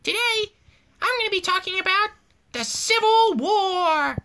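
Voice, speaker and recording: Jeffrey, a squeaky cartoon giraffe, voiced by a woman. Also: animated, a little slow, bright, forceful tone, a little hiss or hum, exaggerated voice. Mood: flippant. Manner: offhand and crude, with sloppy fillers and swearing. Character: goofy cartoon giraffe history teacher, crude and flippant. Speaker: teacher. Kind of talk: comedic cartoon narration.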